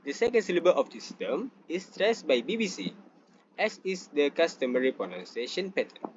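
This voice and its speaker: A young man giving a student class presentation, reading from slides with pauses and restarts. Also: a little high, very animated, highs cut off, slight background noise. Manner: reads from slides with frequent fillers and restarts.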